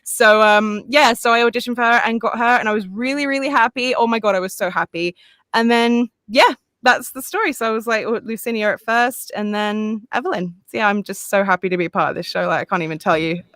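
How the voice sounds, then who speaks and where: A bubbly woman gushes about her work in a casual panel chat. Her voice sits a touch high, and it comes through a video-call mic with a dry, close sound. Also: a little fast, a bit bright, no echo. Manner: gushing, enthusiastic, chatty. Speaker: voice actress on a panel.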